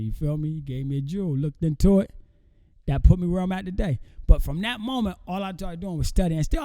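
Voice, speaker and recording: A man's voice: on the high side, warm tone, no room sound. A man in his thirties, a podcast guest, telling his life story in casual street slang, often asking "you feel me".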